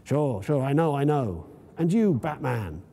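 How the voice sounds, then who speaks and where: A man's voice: medium pitch, sing-song, measured pace, mellow. Frail obsessive scientist, read by a man. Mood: eager. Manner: eager, rambling talk. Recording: long reverb in a lecture hall.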